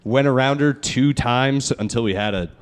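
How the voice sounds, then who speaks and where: A man's voice: mid-range voice, normal speed, clean tone. Swearing young man telling stories on a podcast. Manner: loose, swearing storyteller who laughs at his own stories. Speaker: podcast host. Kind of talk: casual podcast chat.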